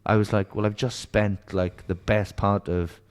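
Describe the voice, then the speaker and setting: A man's voice: fairly low pitch, little pitch movement, unhurried, smooth. A middle-aged man with a Welsh accent from Merthyr Tydfil, a podcast guest telling stories in casual chat, swearing freely and acting out the voices of people he quotes. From Wales.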